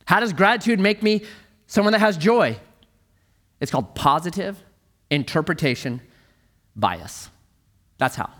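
A male pastor delivers a sermon in a voice pitched a bit high. His intonation is very lively, climbing on emphatic lines and sinking low and quiet for weight. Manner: emphatic, swings from loud to hushed.

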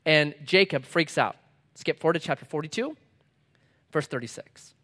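A middle-aged pastor preaches in a slightly higher-pitched voice with lively intonation, forcefully punching out short lines and then dropping low and soft for asides. He reads scripture slowly and with weight, his delivery swinging emphatically between loud and quiet.

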